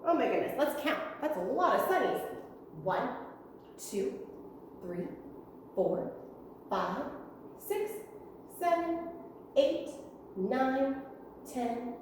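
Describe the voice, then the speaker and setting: Young preschool teacher lady, slow and bouncy, lots of room reverb. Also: high-pitched, far from the mic, slight background noise. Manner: slow, animated, sing-song talk to small children. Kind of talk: virtual preschool lesson. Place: room with windows. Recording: echoey room with long reverb.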